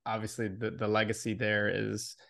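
A man hosting a podcast interview and reading sponsor messages, with an upbeat announcer delivery in the intro and a relaxed, halting manner in conversation. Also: lowish voice, vocal fry, no room sound, clean studio sound. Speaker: podcast host. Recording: music playing under the voice. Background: music.

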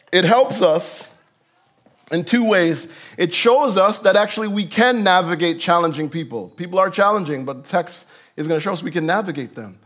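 Male pastor, high-pitched, conversational sermon delivery that slips into the voices of the people he quotes. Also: expressive, normal speed, fairly bright tone. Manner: conversational preaching that acts out the voices in the text.

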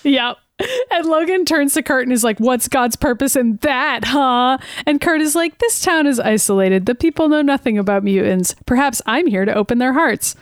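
A young woman chats through a cartoon recap, animated and quick to laugh. Her voice is smooth and sits fairly high, recorded close and dry. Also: dry recording. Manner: animated, laughs often, retells scenes in quoted dialogue. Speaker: podcast co-host. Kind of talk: casual chat recapping a cartoon episode.

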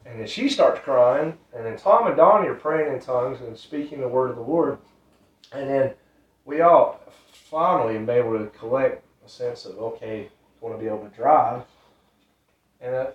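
A man's voice: mid-range voice, expressive, moderate pace. Man telling an earnest story from afar. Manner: earnest, repetitive, loose grammar. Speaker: ministry storyteller. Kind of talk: casual spoken testimony. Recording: roomy, distant, dull sound.

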